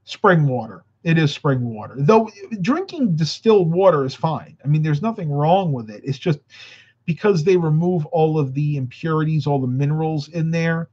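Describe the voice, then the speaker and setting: A tired, slightly winded man talks casually on a live stream. He rambles from one viewer comment to the next in an easygoing way. His voice sits a bit high, and the audio is dull and lo-fi. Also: moderate pace, mellow. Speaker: vlogger answering live chat. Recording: muffled lo-fi audio.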